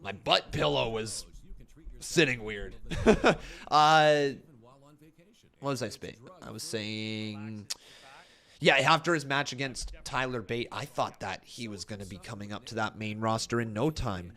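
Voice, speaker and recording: A man's voice: lowish voice, moderate pace, sharp tone. A man casually reacting to wrestling on a live stream, reading chat messages aloud and rambling with frequent laughs. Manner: joking, laughs often.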